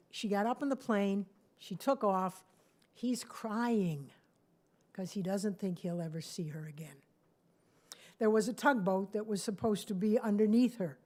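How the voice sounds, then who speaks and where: Woman storyteller at a live cafe show, animated and chatty, talks straight to the audience. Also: medium pitch. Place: small cafe stage with audience.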